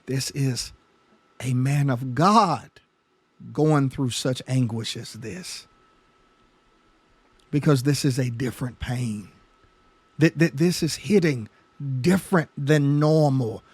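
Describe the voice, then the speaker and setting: A man's voice: mid-range voice, slow pace, long pauses, a little mellow, slightly rough, no echo. A man pastor teaching a Bible study sermon, emphatic, often repeating words as his passion builds. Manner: emphatic, stammering repetitions, rising passion.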